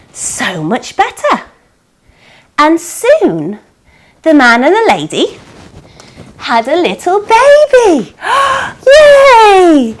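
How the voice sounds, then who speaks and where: A woman teaching a storytelling yoga class for children, giving animated, coaxing instructions full of gasps and exclamations. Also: high voice, low-quality recording.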